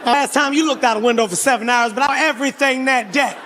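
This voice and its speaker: High-pitched loud stand-up comedian man. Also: fast, slight background noise. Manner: loud, animated, frequent shouting and laughing. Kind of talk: stand-up storytelling. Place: comedy stage before a live audience.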